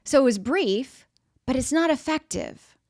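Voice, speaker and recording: A woman's voice: high-pitched, animated, unhurried, a little mellow, no echo, clean studio sound. A middle-aged woman giving a motivational talk in a conversational way, acting out everyday scenes and putting questions to the audience. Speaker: speaker.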